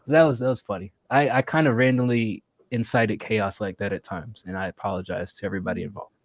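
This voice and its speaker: A man in his thirties co-hosting a podcast, telling workplace stories in a casual, animated way and acting out the people he quotes. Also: fairly low pitch, quick pace, no echo. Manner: animated, acts out quotes, laughs a lot. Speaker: podcast co-host. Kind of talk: casual storytelling chat.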